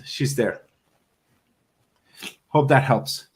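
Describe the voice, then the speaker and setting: Emotional, halting male psychic medium. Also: mid-range voice, steady tone. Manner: halting, repeats words, emotional. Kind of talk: live psychic reading.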